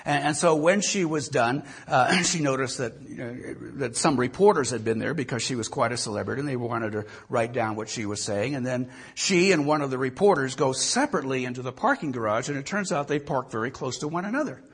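A man's voice: mid-range voice, animated, a little fast, few pauses, slightly rough. A male pastor giving a sermon, telling a story with animation and often repeating words.

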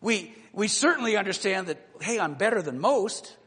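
A man in his sixties preaching a sermon, telling a personal story that moves between animated and low, quiet passages. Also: moderate pace, husky, long reverb tail. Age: 60s. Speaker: pastor.

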